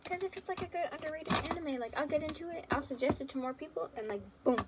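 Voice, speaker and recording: A woman's voice: high-pitched, animated, quick pace, very noisy. Rambling giggly young woman chatting. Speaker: fan video creator. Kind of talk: rambling casual chat to viewers.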